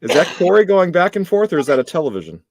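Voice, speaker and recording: A man's voice: sits high, sing-song, fast talker, darkish tone, dry recording, studio quality. A man in his fifties chatting on a video call, curious and asking his friends questions. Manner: curious, asks lots of questions. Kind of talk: casual chat.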